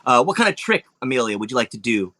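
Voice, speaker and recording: A man narrating as game master, animated, with sound effects and lots of fillers. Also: mid-range voice, quick pace.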